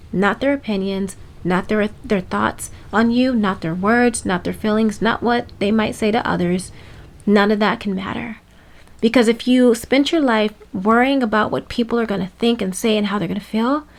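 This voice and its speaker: A young woman talking to her viewers in a motivational vlog, affirming them through warm repetition and light laughs. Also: on the high side. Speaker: motivational vlogger. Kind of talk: encouraging motivational talk to camera.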